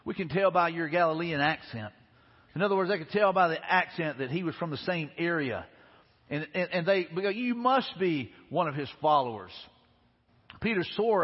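A man preaches in a husky, somewhat high voice, earnest and conversational, often repeating his key lines. His sermon is recorded in a large hall with long reverb. The sound is muffled and lo-fi. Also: a little fast. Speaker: pastor. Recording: dull, echoey hall recording.

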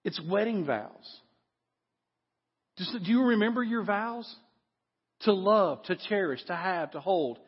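A middle-aged man preaching a lively sermon in a church, dropping low for effect. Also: slow, pauses often, breathy edge. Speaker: pastor. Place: church sanctuary. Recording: long hall reverb, dull lo-fi sound.

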